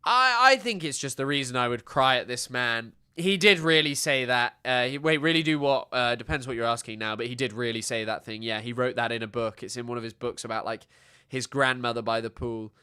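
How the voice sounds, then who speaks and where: Brief: man, livestream reaction host, sarcastic and ranting, clean smooth voice. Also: medium pitch, brisk, bright, forceful tone. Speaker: streamer.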